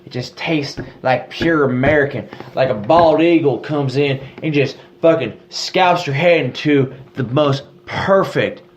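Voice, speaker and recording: A man's voice: on the high side, measured pace, few pauses. A man co-hosting a comedic podcast, rambling in a joking good-ol'-boy bravado. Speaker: podcast co-host. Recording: slightly dull recording with faint noise.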